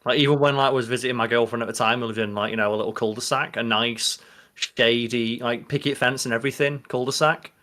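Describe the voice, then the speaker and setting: A man's voice: medium pitch, fairly even intonation, fast, bright, forceful tone. A man co-hosting a podcast, joking dryly in casual chat. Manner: dry, joking. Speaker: podcast co-host.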